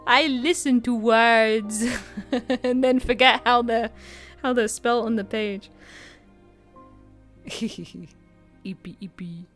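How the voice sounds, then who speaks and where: A woman's voice: a little high, fairly even intonation, slow pace, a bit bright, faint music behind. A woman streamer reading game lore aloud, giggling often, tripping over hard words and wandering into chatty asides.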